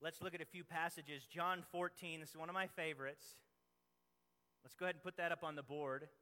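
Young male pastor, high bright voice, impassioned preaching with long hall reverb. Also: fairly even intonation, brisk. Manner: passionate preaching, swinging between loud emphasis and hushed asides. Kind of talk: sermon.

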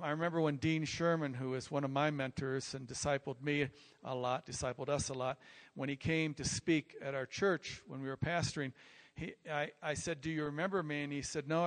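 Fairly high-voiced older man preaching. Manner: rambling, repeats words, animated when telling stories. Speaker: pastor. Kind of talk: sermon-style personal storytelling. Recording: long reverb from a large hall.

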